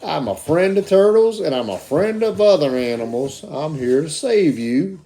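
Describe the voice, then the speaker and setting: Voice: medium pitch, lively intonation, moderate pace, dark tone, close to an everyday voice. A performer voicing Billy Bob, a friendly man who loves animals, in a homemade puppet show, eager and folksy.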